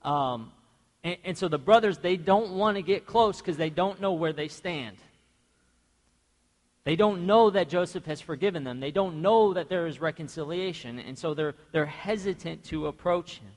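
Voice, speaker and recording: A man's voice: fairly high pitch, normal speed. A young man preaching a sermon to his church in a chatty, questioning way, acting out quoted voices as he tells stories. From grew up in a half-Mexican household. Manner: conversational, asks the congregation questions; animated storytelling, acts out quoted voices. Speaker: pastor. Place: church sanctuary. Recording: long church reverb.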